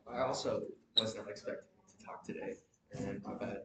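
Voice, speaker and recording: A tearful young man speaks unscripted at a memorial, emotional and apologetic, halting as he talks. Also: on the low side, steady tone, gravelly, very noisy. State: tearful, crying. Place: large hall at a memorial gathering. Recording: echoey hall, far from the mic.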